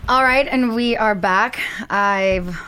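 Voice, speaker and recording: A woman's voice: fairly high pitch, takes it slowly, bright, forceful tone, clean tone. A woman hosting a podcast in casual chat, bubbly and giggly with a flirty streak. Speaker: podcast host.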